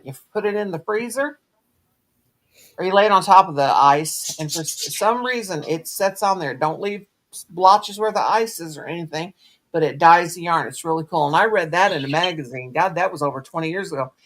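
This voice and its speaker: A woman's voice: lowish voice, moderate pace. A middle-aged woman, hosting a live crafting chat and telling folksy, blunt stories. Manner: folksy storyteller, earthy and blunt. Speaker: craft stream host. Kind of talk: casual chat on a live stream.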